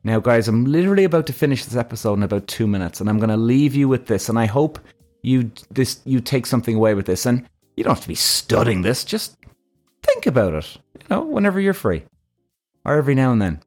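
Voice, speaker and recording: A man, possibly, hosting his own podcast as a casual monologue, speaking bluntly with plenty of swearing and animated emphasis. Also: medium pitch, fast, soft background music. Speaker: podcast host.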